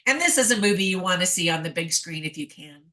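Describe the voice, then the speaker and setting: A woman's voice: lowish voice, animated, fast, pushed and bright. A woman reviewing a movie in a chatty way, laughing often and quoting dialogue with relish. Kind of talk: casual spoken review.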